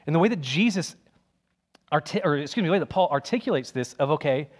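A man's voice: fairly high pitch, expressive, fast talker. A man preaching a sermon in an emphatic, conversational way, repeating key phrases.

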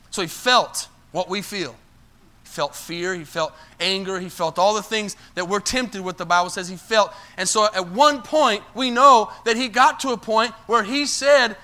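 Male pastor, sermon, very high voice, bright and forceful, loud bursts then quiet asides. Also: measured pace. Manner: preaching with call-and-response asides to the congregation; swings between loud emphatic bursts and low quiet lines.

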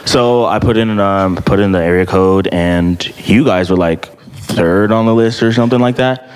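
A young man casually sharing his church testimony, animated, full of fillers and acted-out quotes. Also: normal speed, clean tone, in a large hall. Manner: animated storytelling, acts out quotes in a high voice, many fillers. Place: church hall.

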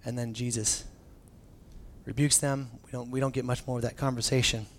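A man preaching a conversational sermon as a pastor, casual and animated, often restarting phrases and dropping in filler words. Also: medium pitch, moderate pace, slight background noise.

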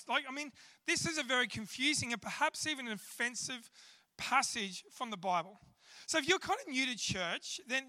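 A man's voice: very high voice, sharp tone. An Australian man giving a chatty, self-deprecating sermon in a church service, with plenty of fillers. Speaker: church speaker. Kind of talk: sermon with humorous storytelling. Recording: long reverb of a church hall.

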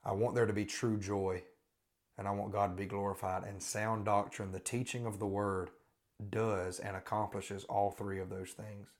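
A man's voice: fairly low pitch, little pitch movement, normal speed. A man hosting a Christian podcast, pleading earnestly with listeners and repeating pointed questions. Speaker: podcast host and Christian teacher. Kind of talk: earnest spoken exhortation.

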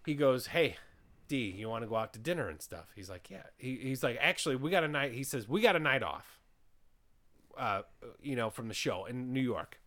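The host's voice is mid-range and his pace normal as he recounts a story on his podcast. His casual, animated retelling keeps quoting people with "he goes."

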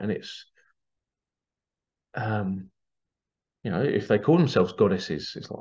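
Animated and a little mellow, this man's medium-pitched voice moves at a moderate pace through a muffled recording. He's a spiritual podcaster delivering a rambling, opinionated casual monologue, voicing quoted people in little impressions.

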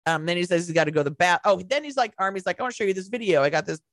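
A young woman co-hosting a podcast casually recaps a film, rambling through the story, swearing a lot, and laughing often. Her lowish voice races along, with no room sound in the recording.

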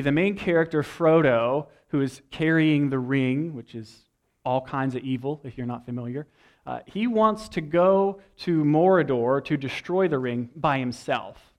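A young adult man preaching a sermon, telling a story with lively energy and acting out lines from a movie. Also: on the high side, moderate pace. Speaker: pastor.

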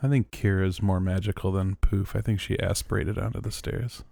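A man's voice: deep voice, steady tone, moderate pace, creaky, warm tone, no room sound, studio quality. A man co-hosting a podcast, trading wry, teasing banter while recapping a TV episode. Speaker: podcast co-host. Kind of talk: casual TV episode recap chat.

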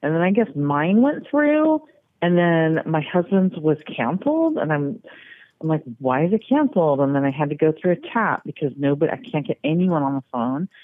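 A woman's voice: low voice, sing-song, normal speed, no echo. A woman on a phone call, rambling through an exasperated complaint about her order. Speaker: prank call target. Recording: tinny phone line.

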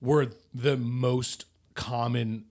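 A man co-hosting a podcast, chatting about a TV episode in an animated, joking way, with casual swearing. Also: mid-range voice, very slow. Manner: animated, joking, swears, puts on silly accents. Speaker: podcast co-host. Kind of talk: casual chat recapping a TV episode.

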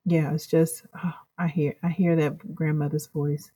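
A woman's voice: sits low, level tone, a little slow, mellow, husky, dry recording. A woman guest in an interview, speaking earnestly and reflectively, rambling through her thoughts. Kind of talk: casual interview chat.

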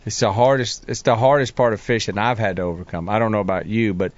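Animated man telling fishing stories. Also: on the low side, fast talker, dry recording, muffled recording. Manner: animated storyteller who acts out voices in his head. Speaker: pro bass angler guest. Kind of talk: casual chat.

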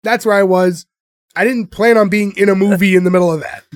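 A man's voice: sits high, steady tone, a little fast, no echo, clean studio sound. A man hosting a podcast, casually recapping a show in a rambling way, with fillers and restarts along the way. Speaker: podcast host.

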